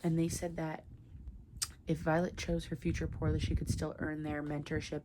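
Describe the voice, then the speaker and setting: A woman's voice: low voice, level tone, moderate pace, noisy background. A young woman reacting emotionally and tearfully while reading, exclaiming and muttering to herself as she recaps the story. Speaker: book vlogger. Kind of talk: casual reading vlog reactions.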